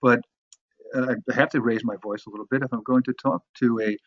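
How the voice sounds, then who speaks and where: A New York–area course instructor gives an instructional talk on sales presentations in a medium-pitched voice with fairly even intonation and a brisk pace. His conversational delivery features many restarts and repeated words. The audio is muffled, with no room sound.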